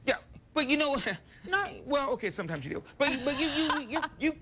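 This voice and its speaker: A man's voice: very high voice, very animated, brisk, sharp tone. A man, a morning show reporter bantering and joking live on location. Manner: jokey, playful, teasing. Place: on location at a pawn shop.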